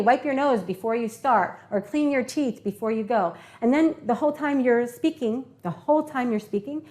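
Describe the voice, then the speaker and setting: Woman, English teacher, animated classroom delivery, slightly higher voice. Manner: animated, demonstrates tones and acts out examples. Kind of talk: classroom lesson on public speaking.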